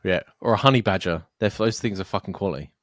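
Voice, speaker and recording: A man's voice: sits low, fast, dry recording, studio quality. Ranting guy podcaster. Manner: swearing, ranting, jokey. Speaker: podcast co-host. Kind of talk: casual chat.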